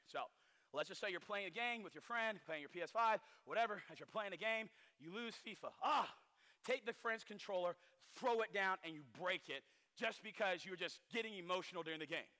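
A man preaching a sermon in an animated way, acting out the people he quotes and shouting for emphasis. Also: high voice, fairly quick. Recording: long hall reverb.

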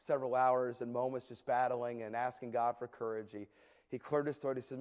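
A male preacher telling a story in a sermon, animated and often repeating words as he goes. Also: mid-range voice, a little fast. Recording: echoey hall with long reverb.

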